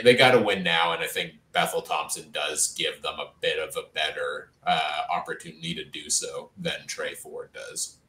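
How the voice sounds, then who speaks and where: A man's voice: deep voice, bright, forceful tone, roomy sound. A man co-hosting a sports podcast, talking through football moves in long, analytical runs. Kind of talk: casual sports chat.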